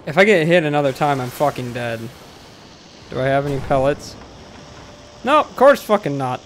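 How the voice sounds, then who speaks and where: A man streaming a game live, swearing often and talking to the enemy, swinging from mutters to panicked shouts. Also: a little high, animated, moderate pace, a little hiss or hum. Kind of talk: live gameplay commentary.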